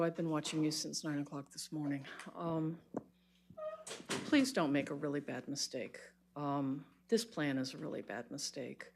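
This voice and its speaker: A woman's voice: low-pitched, darkish tone, slight background noise. A woman giving an impassioned, exasperated public comment at a county board meeting, speaking bluntly into a podium microphone.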